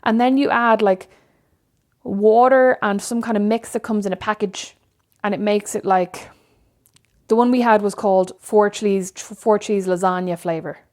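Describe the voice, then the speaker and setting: Co-hosting a casual podcast, an Irish-accented woman in her thirties tells rambling, filler-heavy stories. She speaks at a measured pace in a mid-range, darkish voice with fairly even intonation.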